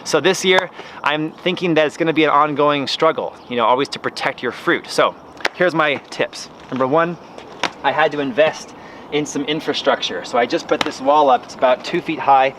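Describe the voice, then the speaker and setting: A man hosting a gardening vlog, telling a story in a chatty, animated way while standing in his front yard. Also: fairly high pitch, normal speed, noisy background. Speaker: gardening channel host.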